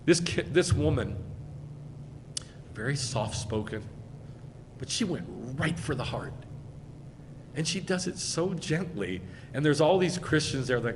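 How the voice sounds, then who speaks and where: A male rabbi giving a sermon in an American accent, conversational and emphatic, swinging between loud and quiet. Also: fairly high pitch, expressive, a little slow, pauses often, big-room sound, a little hiss or hum. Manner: emphatic, conversational preaching with wide swings in loudness. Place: congregation hall.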